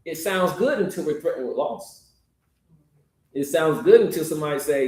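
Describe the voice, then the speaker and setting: A man's voice: a little high, expressive, moderate pace, darkish tone. A man preaching a sermon, talking directly to the congregation in an easygoing, conversational way. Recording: echoey room.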